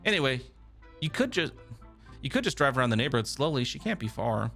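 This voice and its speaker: A man's voice: mid-range voice, very animated, brisk, vocal fry, a bit bright, soft background music. A man voicing a drunk, queasy young man in a pink superhero costume, talking in a slurred way.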